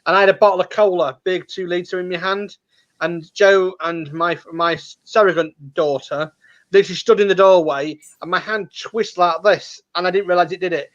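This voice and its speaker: A man's voice: sits high, fairly even intonation, normal speed, fairly bright tone, lo-fi sound. A man, chatting casually as host and telling stories with acted-out quotes. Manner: chatty storyteller who acts out quotes. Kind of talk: casual chat.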